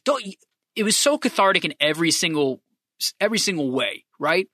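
Fired-up male podcast host, swears freely, bright forceful tone. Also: high voice, normal speed, no echo, studio quality. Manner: profane, fired-up, repetitive emphasis; lively swings between loud and hushed. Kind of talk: impassioned sports fan rant.

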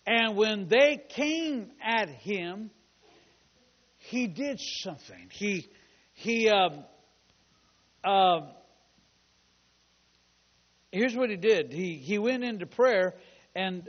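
A man preaching a sermon as pastor, fervent, with shouted declarations and call-and-response. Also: sits high, animated, a little slow. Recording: long hall reverb, dull lo-fi sound.

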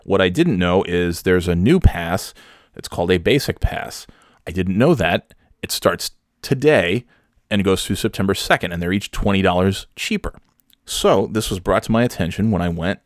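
A man from New York rambles through a story in a casual, joking way, full of "uh"s and "like"s. His voice is low and the sound is dry and close, with no room around it. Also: no room sound. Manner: rambling, joking, many fillers. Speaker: vlogger.

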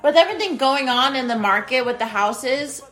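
Bright-voiced chatty woman podcaster. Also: high-pitched, lively intonation, normal speed, faint music behind. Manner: chatty, repeats phrases, talks straight to listeners as "you guys". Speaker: podcast host. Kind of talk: casual solo podcast monologue. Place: spare bedroom at home.

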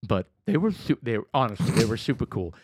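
A man's voice: mid-range voice, fast talker, breathy edge, dry recording. A man co-hosting a podcast, telling stories in casual chat and often mimicking other people's voices. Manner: animated storyteller, mimics voices. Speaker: podcast co-host.

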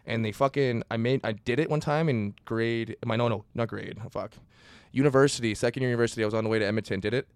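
A man's voice: medium pitch, fast, dry recording. A man in his twenties from Saskatchewan, Canada, hosting a podcast in loose joking chat and swearing a lot. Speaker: podcast host. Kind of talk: casual chat.

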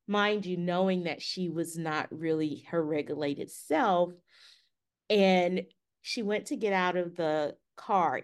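Lively storytelling woman, low voice. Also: clear, resonant tone. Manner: animated, acts out dialogue. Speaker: podcast co-host. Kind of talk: casual storytelling.

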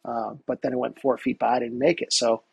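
A middle-aged man, a golf professional, telling stories in a casual interview with lots of energy, talking in quick bursts. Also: medium pitch, flat delivery, creaky, a little mellow, slightly rough, dry recording, poor audio. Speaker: guest, touring golf professional.

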